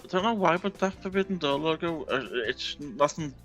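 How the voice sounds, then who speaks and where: A man from the UK recounts events in easy podcast chat, laid back and amused. His voice is noticeably bright, with an ordinary middle pitch. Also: animated, normal speed, soft background music. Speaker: podcast co-host. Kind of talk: casual chat.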